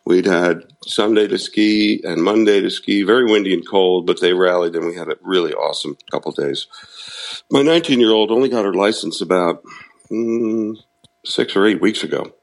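A man's voice: sits low, moderate pace, vocal fry, rough recording. A middle-aged man candidly telling a personal recovery story, frank and self-deprecating, laughing at himself now and then. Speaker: guest sharing recovery story.

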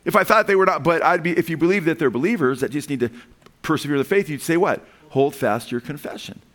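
A male pastor preaching a sermon in a voice pitched somewhat high for a man. He reads scripture aloud, prompts the congregation with call-and-response questions, and breaks into animated asides. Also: fast talker. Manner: call-and-response, asking the congregation "amen?" and "what?".

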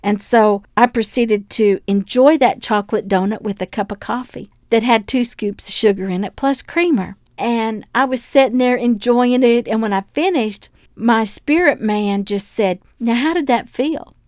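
A woman's voice: on the high side, normal speed, hardly any pauses, no room sound, studio quality. An older woman hosting a devotional podcast, teaching and telling homey stories in which she acts out the voices of the people in them. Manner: warm storytelling, acting out voices in her anecdotes. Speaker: podcast host and preacher.

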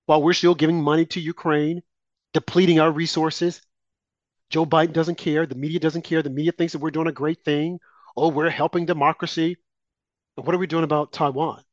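Indignant talk-show man, higher voice. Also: dry recording. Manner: indignant, rhetorical questions, mocking asides. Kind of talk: political talk radio commentary. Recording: dull lo-fi dry sound.

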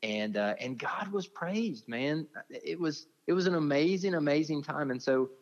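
A man's voice: a little high, animated, normal speed, in a large hall. A man, a ministry leader telling stories as an interview guest, heartfelt and earnest, often calling the listener "man". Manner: heartfelt, speaks with feeling, says "man" often. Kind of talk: earnest conversational storytelling. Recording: dull lo-fi audio.

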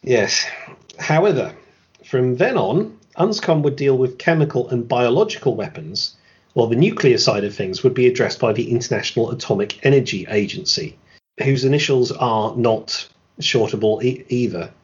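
A podcast host reads scripted history narration in a lively, swooping mid-range voice at normal speed, slipping in dry, sarcastic remarks. The recording sounds muffled and lo-fi.

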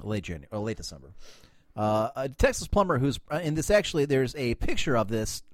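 A man's voice: mid-range voice, big pitch swings, fairly quick, no echo, clean studio sound. A man hosting a comedic news podcast, rambling casually, joking and reading stories aloud. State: coughing, lungs bothering him. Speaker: podcast host.

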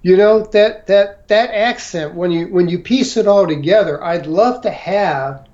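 An older man from Missouri telling a story in an interview, halting with many fillers and restarts. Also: sits high, darkish tone, dull audio. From St. Louis, Missouri. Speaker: interview guest.

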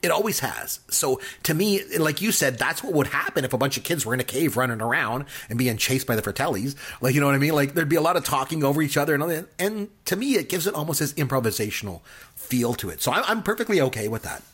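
A man's voice: mid-range voice, expressive, fast, a bit bright, husky. A man talking enthusiastically about a film in a casual discussion, laughing often and using many fillers.

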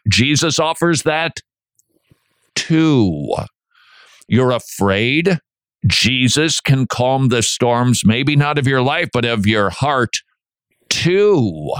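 A man hosting a radio show, preaching in an animated way and acting out quotes in little voices. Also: mid-range voice, very slow, pauses often, smooth, no echo. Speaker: radio host.

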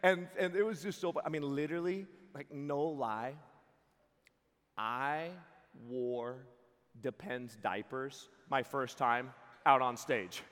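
A young man speaking as a camp preacher, telling stories with lively quoted voices and frequent laughter. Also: medium pitch, takes it slowly. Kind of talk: youth camp sermon. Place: large hall before a live audience. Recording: hall reverb.

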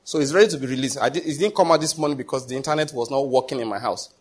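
A man's voice: mid-range voice, racing, slightly rough. A man preaching a sermon as pastor, emphatic, full of rhetorical questions and pidgin asides.

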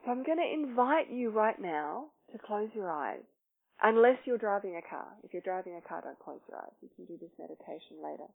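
A woman who leads self-love workshops, teaching with probing questions and then guiding a slow, soft meditation. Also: medium pitch, animated, creaky. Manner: probing, asks many questions. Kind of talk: teaching talk and guided meditation. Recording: tinny phone-like sound.

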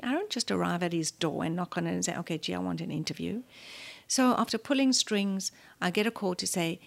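Animated South African woman telling a story. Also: lowish voice, a little fast, vocal fry. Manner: animated storyteller, acts out quotes, drops to near-whispers. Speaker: guest. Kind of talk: storytelling interview.

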